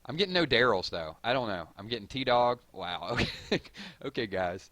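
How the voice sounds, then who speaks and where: A man with a Southern drawl hosting a live stream, reading viewer comments and hyping up his audience in a rambling, excitable way. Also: fairly low pitch, a little fast, dry recording. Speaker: gaming channel host.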